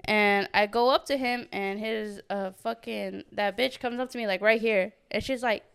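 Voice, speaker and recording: A woman's voice: mid-range voice, fairly even intonation, normal speed, vocal fry, fairly bright tone, clean tone. A young woman in her twenties on a podcast, telling a profane story in casual chat and acting out the quotes. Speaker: podcast co-host.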